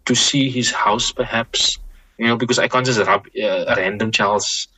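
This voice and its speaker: A man, speaking as a Muslim scholar guest in a reflective conversation, measured and repeating words as he thinks. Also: mid-range voice, steady tone, bright, forceful tone, breathy edge, low-quality recording.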